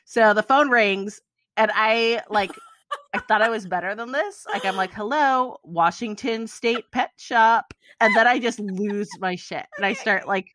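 A woman's voice: mid-range voice, normal speed, fairly bright tone, no room sound, studio quality. An American woman co-hosting a podcast, telling a story in casual chat and laughing often. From United States. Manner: chatty storytelling, laughs and wheezes a lot. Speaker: podcast co-host.

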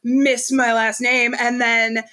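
A woman's voice: a little high, little pitch movement, slow, bright, forceful tone. A woman from Georgia, a guest on a podcast, telling a story in a casual chat and sounding exasperated as she recounts it.

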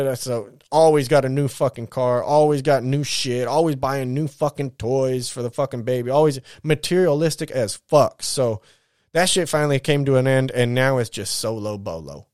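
A man's voice: mid-range voice, a little mellow, smooth, no echo, clean studio sound. A man in his thirties telling his life story in a casual, rambling monologue, blunt and full of swearing and slang.

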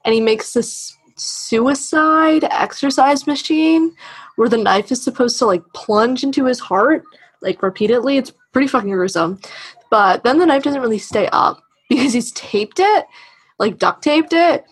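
A woman's voice: on the high side, animated, slightly rough, rough recording. A woman co-hosting a podcast, casually retelling a film plot in a conversational way and swearing now and then. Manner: conversational, quick to act out quotes, swears casually. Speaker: podcast co-host.

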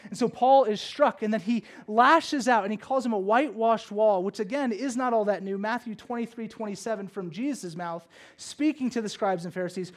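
A man preaching a sermon and explaining scripture, moving between loud emphasis and hushed low asides, with conversational checks like "okay?" and "right?". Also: fairly quick.

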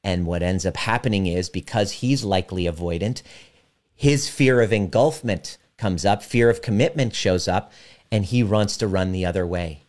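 A man working as a relationship coach, talking directly and emphatically to a live audience and slowing down to guide a visualization. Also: low voice, darkish tone.

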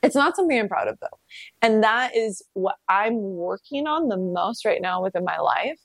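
A woman hosting a casual solo podcast, talking candidly and self-reflectively, with swearing and pitch leaps when emphatic. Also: lively intonation, moderate pace, no echo. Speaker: podcast host.

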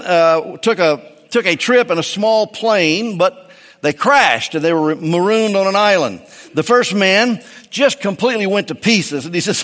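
Man preaching a sermon, higher voice, echoing hall. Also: a bit bright. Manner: folksy and joking with the congregation. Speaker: pastor. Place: church.

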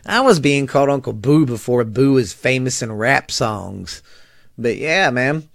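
Folksy podcast host. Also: male voice, medium pitch, expressive, measured pace, gravelly, no room sound, studio quality. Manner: folksy, loose, rambling. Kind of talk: casual podcast chat and joke ads.

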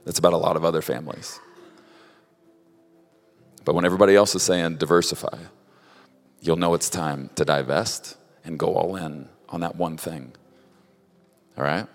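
A man giving prophetic words to people one at a time, speaking directly to each in a halting way, often repeating words. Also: deep voice, steady tone. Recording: long reverb of a large hall.

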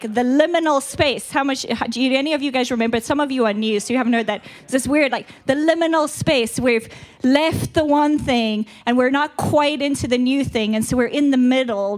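A South African woman giving a candid, chatty church retreat talk with a stuffy nose, laughing at herself now and then. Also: high voice. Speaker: retreat speaker. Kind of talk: conversational church teaching.

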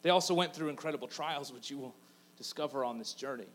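A man's voice: medium pitch, fast talker. A man preaching a casual, joking sermon, acting out the people in his story. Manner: casual, joking storyteller who acts out voices. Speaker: pastor.

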